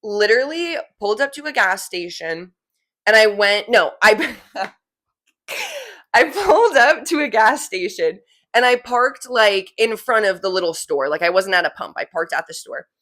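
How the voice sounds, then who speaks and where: A woman's voice: medium pitch, animated, moderate pace, a bit bright. A young woman from New Jersey with a New Jersey accent, chatting casually to her viewers in a rambling, self-correcting way full of "like". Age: young adult. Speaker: vlogger. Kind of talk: casual chat to camera.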